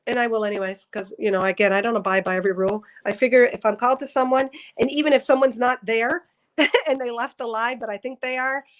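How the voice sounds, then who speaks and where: A woman psychic with a slightly high voice talks fast and earnestly to her viewers in a casual spiritual livestream, captured on a low-quality recording. Teary and emotional, she rambles and corrects herself mid-sentence.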